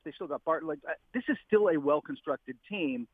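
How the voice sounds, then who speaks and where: A man calling in as a basketball writer, talking casually and rambling with quick asides and restarts. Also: a little high, lively intonation, slightly rough, no room sound. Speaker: basketball writer, radio guest. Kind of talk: casual sports talk on a phone line. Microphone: phone. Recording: tinny phone line.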